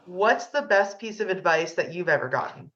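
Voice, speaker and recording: A woman's voice: on the low side, expressive, moderate pace, a bit bright. A woman hosting a podcast, responding with enthusiasm and affirming her guest in casual conversation. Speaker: podcast host. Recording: dull lo-fi sound.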